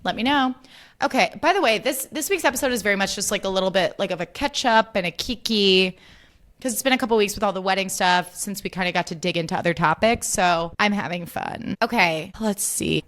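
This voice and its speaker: A woman's voice: mid-range voice, a little fast, fairly bright tone. A young adult woman hosting a casual solo podcast, bubbly and chatty, peppering her talk with "like" and swearing freely. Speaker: podcast host.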